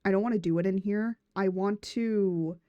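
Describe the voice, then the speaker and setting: A woman's voice: mid-range voice, normal speed, no echo, dull audio. A woman streaming as a VTuber, chatting casually, giggling and rambling as she restarts her words. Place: room at home.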